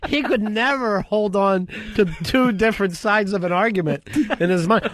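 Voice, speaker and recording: A man hosting a talk radio show, teasing and sarcastic, given to quick, punchy rants. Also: high-pitched, a bit bright. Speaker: radio host. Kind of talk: casual radio chat.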